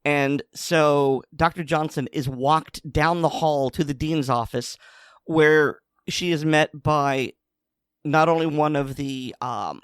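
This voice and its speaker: Sardonic man with a high-ish voice. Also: takes it slowly, clear, resonant tone, no room sound, studio quality. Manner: sardonic storytelling. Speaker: podcast co-host. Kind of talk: casual chat.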